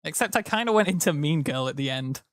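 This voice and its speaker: A man's voice: a little high, animated, fast talker, fairly bright tone, dry recording, studio quality. A tired man chatting casually to his live-stream audience, rambling and joking. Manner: rambling, jokey, slips into silly voices. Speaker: livestreamer.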